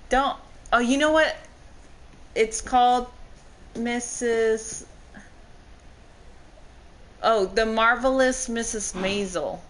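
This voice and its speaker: Slow, laid-back woman streamer. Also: fairly high pitch. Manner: laid-back, swears casually. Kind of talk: casual chat.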